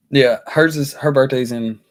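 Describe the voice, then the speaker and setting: A man in his thirties co-hosting a sports podcast, easygoing and quick to laugh as he tells stories. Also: mid-range voice. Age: 30s. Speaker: podcast co-host. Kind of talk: casual sports chat.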